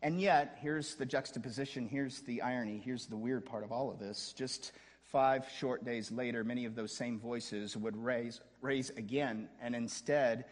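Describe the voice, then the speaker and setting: A man preaching a sermon as a pastor, dramatic, dropping to a hush and then rising to a shout, with casual joking asides. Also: medium pitch, steady tone, moderate pace, big-room sound.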